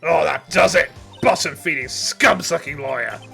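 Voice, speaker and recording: Game role: man playing a high, sneering young woman witness. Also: normal speed, fairly bright tone, soft background music. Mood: furious. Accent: English. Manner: sneering, mocking.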